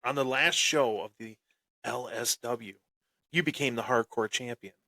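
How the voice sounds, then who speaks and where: Slow boastful man, dry close sound. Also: medium pitch, dry recording. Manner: boastful heel bravado with sudden loud bursts; repeats and restarts phrases. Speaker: podcast host. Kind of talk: boastful storytelling on a wrestling podcast.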